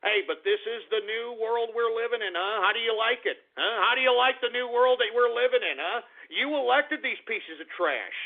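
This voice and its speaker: A man's voice: extremely high pitch, moderate pace, hardly any pauses. A man hosting a talk radio show, delivering an angry, profane, sarcastic monologue and often repeating himself. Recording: tinny phone-like radio audio.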